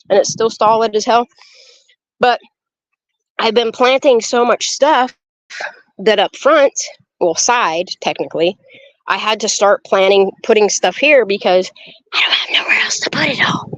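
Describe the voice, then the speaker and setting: A chatty, excitable woman walks her garden outdoors and talks straight to her viewers, swearing freely. Her voice sits at a middling pitch and sounds close and dry, with no room around it. The phone audio is a bit dull and muffled. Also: no room sound. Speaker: vlogger giving a garden tour. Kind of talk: casual walk-and-talk vlog. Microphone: handheld phone camera.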